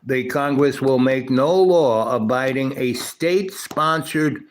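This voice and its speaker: A man with a mid-range voice hosts a livestream, speaking slowly. He tells a long, rambling story from his school days, sprinkled with "you know" and "right?".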